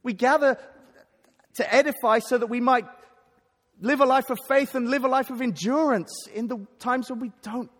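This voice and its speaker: Earnest high-voiced male preacher in a hall. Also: normal speed. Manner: earnest and emphatic, stumbles and restarts words. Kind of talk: sermon at a conference. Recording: long hall reverb.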